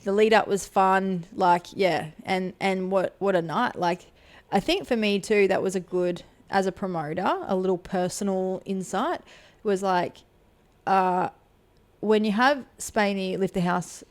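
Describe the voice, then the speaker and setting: A woman's voice: medium pitch, a little slow. A woman, a fight promoter co-hosting a podcast, chatting casually in a rambling way, swearing freely and acting out quotes.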